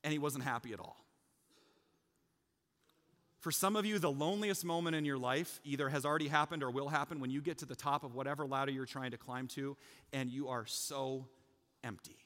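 A man preaching a sermon as pastor, talking casually with the congregation, joking and rising to loud, emphatic peaks. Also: mid-range voice, fairly quick, long reverb tail. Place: church sanctuary.

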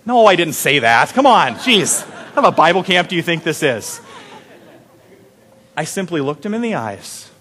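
Youthful male pastor, high-pitched, storytelling sermon, animated with hushed moments. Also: normal speed, long pauses. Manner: animated, dropping to a hushed intimate tone.

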